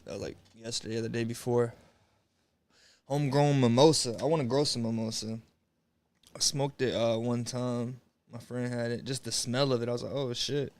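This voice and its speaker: A man's voice: mid-range voice, steady tone, normal speed, a little mellow. A young man chatting casually on a livestream, rambling and slangy with lots of swearing, greeting viewers as he goes. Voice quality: laid-back, rambling, slangy with frequent swearing. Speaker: streamer.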